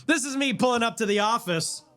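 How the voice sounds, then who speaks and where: A man in his twenties, a livestreamer, ranting fast and animated in casual stream talk, with laughing asides. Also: extremely high pitch. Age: 20s.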